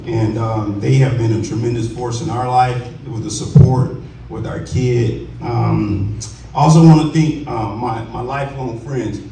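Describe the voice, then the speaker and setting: A man in his forties from Texas giving a heartfelt, halting acceptance speech at a ceremony, choked up with emotion and often restarting his sentences. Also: medium pitch, creaky, warm tone. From Commerce, Texas. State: emotional, voice choking up. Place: school cafeteria at a ceremony. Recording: roomy, distant, faint background hiss.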